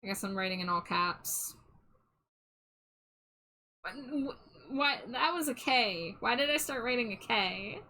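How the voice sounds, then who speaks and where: Woman streamer rambling while drawing, bright voice, kinda self-deprecating. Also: on the high side, expressive, unhurried, long pauses, poor audio. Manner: chatty, self-deprecating, trailing off. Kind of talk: casual live-stream chat while drawing.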